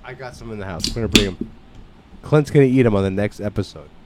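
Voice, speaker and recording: A man telling a story in casual chat, swearing, restarting his sentences and getting louder as he goes. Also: fairly low pitch, fast talker, very noisy. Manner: loud, profane storytelling with frequent restarts.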